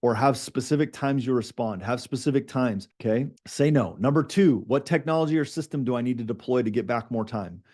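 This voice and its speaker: A man, a business coach, giving an animated coaching talk to a group, stressing and repeating his key points. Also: medium pitch, brisk, hardly any pauses.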